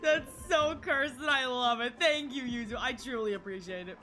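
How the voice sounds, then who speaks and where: A woman's voice: a little high, moderate pace, bright, forceful tone, soft background music. A young woman streamer chatting casually to her viewers, giggly and rambling. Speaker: game streamer. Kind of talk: casual live-stream chat.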